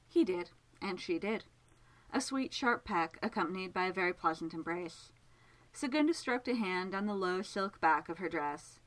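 A woman narrating a story aloud in a gentle, measured, expressive way. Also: on the low side, poor audio. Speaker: reader.

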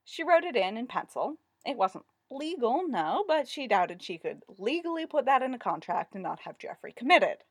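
A woman reads a story aloud with expressive, wry narration. Her voice is fairly high and moves a great deal in pitch. It is recorded close and dry. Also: moderate pace, hardly any pauses, husky, dry recording. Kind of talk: audiobook-style story reading.

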